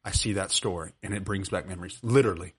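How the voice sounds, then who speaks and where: Podcast co-host, man in his twenties, lowish voice, animated storyteller acting out voices. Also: quick pace, husky. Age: 20s. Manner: animated storyteller who acts out voices and laughs often. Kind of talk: casual storytelling chat. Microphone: video call.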